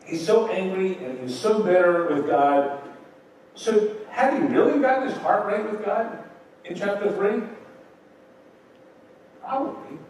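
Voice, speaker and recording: A man's voice: sits high, measured pace, pauses often, darkish tone, a little hiss or hum. A male pastor giving an evening sermon, teaching in a conversational way with rhetorical questions and acting out quotes. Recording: echoey room from a distant mic.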